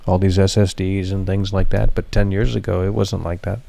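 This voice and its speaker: A man's voice: low-pitched, flat delivery, a little fast, vocal fry, mellow. A man streaming live, chatting casually to his viewers, rambling and swearing freely. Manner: profane, rambling, talks to chat. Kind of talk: casual livestream chat.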